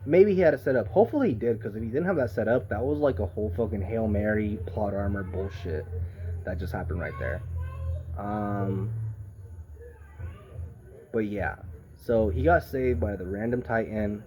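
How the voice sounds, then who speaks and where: A man giving a casual, rambling anime review, swearing freely and getting excited as he goes. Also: fairly low pitch, moderate pace, long pauses, lo-fi sound, slight background noise.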